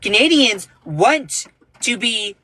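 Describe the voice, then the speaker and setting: A man giving casual, indignant political commentary on a livestream, emphatic, with sudden jumps in pitch. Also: animated, takes it slowly, pushed and bright. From United States.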